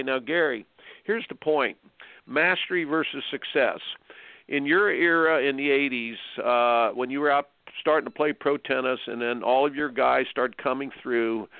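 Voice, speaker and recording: A man in his seventies from Indiana, hosting a radio tennis show and telling stories with bursts of excited exclamations. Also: medium pitch, no room sound. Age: 70s. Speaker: tennis coach and host. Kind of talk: radio show interview, storytelling. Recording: tinny dry phone line.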